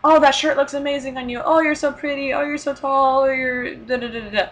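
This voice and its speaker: Casting: woman doing an effusive Korean lady gushing compliments, bright tone. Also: steady tone, rough recording. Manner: high, effusive, rapid-fire praise.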